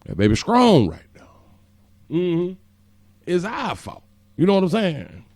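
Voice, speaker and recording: Animated man hosting a live stream. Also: high-pitched, unhurried, no echo. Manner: animated, slangy, playful, frequent filler stammers. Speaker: livestream show host. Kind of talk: casual livestream chat reading comments.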